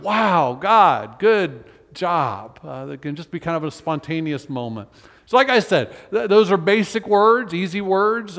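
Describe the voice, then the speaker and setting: A male pastor delivers a sermon with a slightly higher-than-average voice. He speaks in a casual, conversational way, often restarting phrases. His voice carries a long reverb from the church sanctuary. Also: a bit bright. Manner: conversational preaching with many restarts and fillers.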